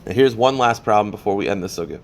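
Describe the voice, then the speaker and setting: A man, a rabbi, leading a daily Talmud class. He explains step by step, asking questions and answering them, and reads Aramaic passages quickly before translating them. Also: on the low side, slight background noise.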